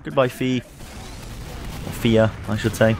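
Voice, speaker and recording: A man casting a competitive online match with play-by-play commentary, energetic and jokey, his pitch climbing on big plays. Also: unhurried, noisy background. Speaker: esports caster.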